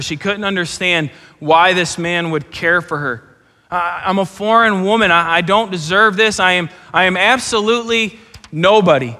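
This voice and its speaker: A pastor giving an earnest, animated sermon, often repeating words as he goes. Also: a little high. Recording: long hall reverb.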